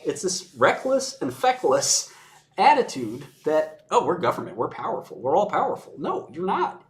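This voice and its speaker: A man giving his views in casual conversation, blunt and sardonic, often laughing as he mocks. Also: a little high. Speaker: commentator. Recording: roomy echo.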